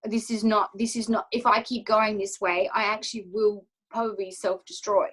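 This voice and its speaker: A woman's voice: medium pitch, little pitch movement, normal speed, a bit bright, slightly rough, rough recording. A woman coach telling her personal story in an interview, emotional and candid, acting out her own inner thoughts as she speaks. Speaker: confidence coach, interview guest.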